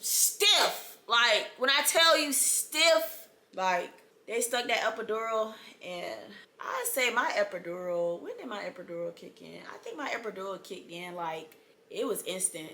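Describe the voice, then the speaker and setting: A young woman, dramatically telling the story of her birth in a casual storytime vlog, with laughter and sudden loud outbursts. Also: medium pitch, expressive, a little slow. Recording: echoey room.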